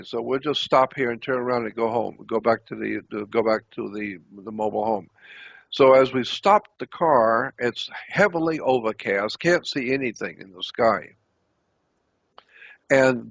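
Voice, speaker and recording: A man's voice: medium pitch, creaky, fairly bright tone, slightly rough, no echo, dull audio. A man telling a personal story off the cuff, rambling and restarting his phrases. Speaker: speaker recounting a personal experience. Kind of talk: unscripted storytelling.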